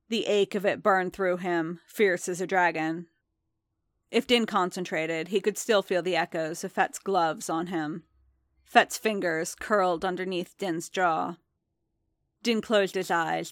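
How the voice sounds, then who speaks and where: Low-voiced woman reading a story. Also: no room sound, clean studio sound. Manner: measured, steady storytelling. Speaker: narrator. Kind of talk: reading fan fiction aloud.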